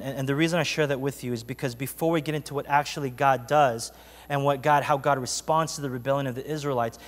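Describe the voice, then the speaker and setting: A male pastor preaching a sermon, telling a story in a lively, conversational way with frequent asides to the congregation. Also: medium pitch, big-room sound. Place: church sanctuary.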